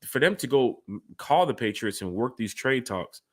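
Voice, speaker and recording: A man with a medium-pitched voice talks at a moderate pace while hosting a sports fan podcast. He's animated and rambling, chatting casually and directly to his co-host.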